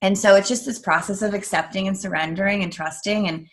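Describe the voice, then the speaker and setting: A woman's voice: medium pitch, a little fast. A middle-aged woman from the United States, talking earnestly in a casual interview and acting out the voices of people she quotes. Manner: earnest, animated, acts out quoted talk. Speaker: guest speaker, coach.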